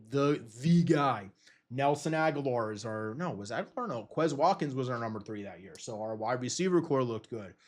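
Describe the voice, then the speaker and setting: A young man hosting a podcast, rambling through casual sports talk in an excitable way and swearing freely. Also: mid-range voice. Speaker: podcast host.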